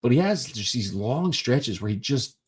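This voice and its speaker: A man's voice: medium pitch, sing-song, normal speed, breathy edge. A man hosting a casual live stream, talking sports on his own in a rambling way with lots of fillers. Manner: rambling, many fillers and restarts. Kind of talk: casual solo sports talk.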